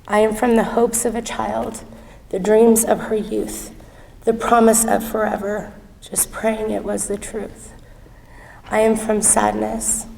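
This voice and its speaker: A woman with a gravelly, mellow voice reads spoken-word poetry slowly and earnestly, staying within a narrow pitch range. She is far from the mic, with a long hall reverb and faint noise behind her. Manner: slow, earnest delivery. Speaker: student poet.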